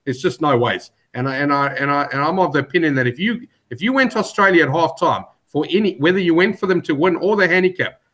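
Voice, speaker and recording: A man on a betting panel who tells stories in an animated way and often repeats words. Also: fairly high pitch, fast talker, few pauses. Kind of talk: casual betting chat.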